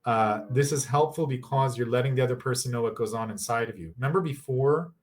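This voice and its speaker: A man's voice: mid-range voice, brisk. A tired man giving a casual online workshop on relationships, talking over a video call and acting out sample dialogues. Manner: lively, acts out sample dialogues.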